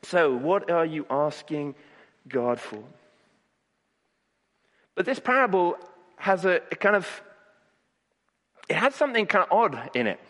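A man's voice: on the high side, very animated, a little slow, long pauses, a bit bright, big-room sound. A man preaching a sermon, earnest, often repeating words as he starts a sentence. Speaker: pastor.

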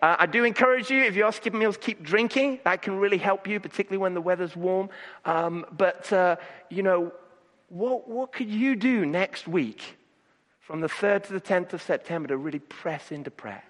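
A man's voice: high-pitched, moderate pace, fairly bright tone, big-room sound. A man preaching a sermon, earnest, often repeating words as he starts a sentence. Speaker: pastor.

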